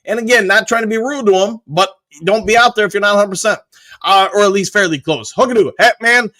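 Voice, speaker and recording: A man's voice: high voice, pushed and bright. A man hosting a casual live sports stream, reading viewer comments aloud and chatting back with lots of "uh"s. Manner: loose, with frequent "uh" and quick self-corrections. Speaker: livestream host.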